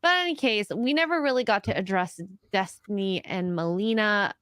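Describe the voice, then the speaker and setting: A woman's voice: medium pitch, a little fast, a bit bright, clear, resonant tone, no room sound, studio quality. A woman co-hosting a podcast, chatting casually, reading out donation messages and laughing easily. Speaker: podcast co-host.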